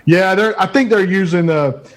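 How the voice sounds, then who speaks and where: A man's voice: high-pitched, moderate pace. A man guest on a podcast, speaking in an easygoing, matter-of-fact way about his trade. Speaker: guest, cigar retailer. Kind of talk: casual chat.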